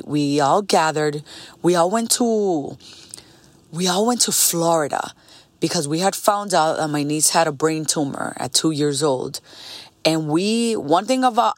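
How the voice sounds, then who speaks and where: An energetic woman in her late thirties tells a personal story with heart and reflection. Her voice sits a little low and sounds close and dry. She slows down and lingers on the words that matter. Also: dry recording. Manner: pauses and slows on key words. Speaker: podcast host.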